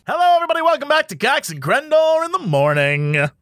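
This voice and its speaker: High, lively jokey man. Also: fast talker, faint music behind. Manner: animated, jokey, puts on silly voices. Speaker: podcast co-host. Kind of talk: casual comedy chat.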